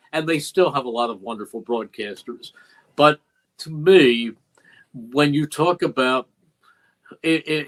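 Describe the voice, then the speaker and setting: A man's voice: fairly high pitch, fairly bright tone, low-quality recording. An older man, a longtime play-by-play broadcaster, telling stories as a guest in a podcast interview. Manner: reflective, emotional retelling with quoted dialogue. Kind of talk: interview storytelling. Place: podcast studio.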